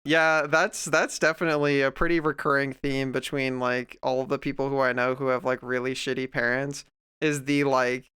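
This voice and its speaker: A man's voice: medium pitch, level tone, moderate pace, bright, forceful tone, clean tone. A young man streaming while drawing, chatting casually and ranting sarcastically at a desk microphone. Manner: sarcastic, ranting, mocking voices of others.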